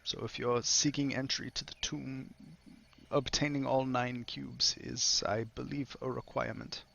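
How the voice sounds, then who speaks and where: A man voicing a polite, deferential male scholar who speaks haltingly and full of fillers. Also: medium pitch, flat delivery, vocal fry, a bit bright, dull audio, slight background noise, pitched above the performer's own voice. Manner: halting, filler-heavy speech.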